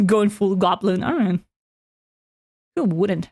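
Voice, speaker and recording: A woman's voice: medium pitch, slow, pauses often, dry recording, studio quality. A woman streamer chatting playfully and casually during a game stream. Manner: playful, giggly. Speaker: VTuber streamer.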